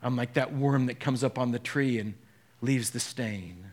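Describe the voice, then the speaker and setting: A man's voice: medium pitch, unhurried. Earnest man preaching a sermon. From Southern California. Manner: earnest, building to impassioned peaks. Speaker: pastor.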